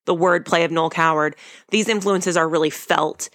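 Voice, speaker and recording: A woman's voice: lowish voice, steady tone, moderate pace, fairly bright tone, dry recording, studio quality. A young woman hosting a podcast, recapping a sitcom episode in a chatty, wry and opinionated way. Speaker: podcast host.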